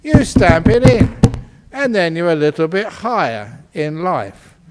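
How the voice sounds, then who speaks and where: A man's voice: sits high, very animated, a little slow, very noisy. A man, a Buddhist monk, telling a humorous teaching story in a playful way and laughing at his own jokes. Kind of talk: humorous storytelling dharma talk.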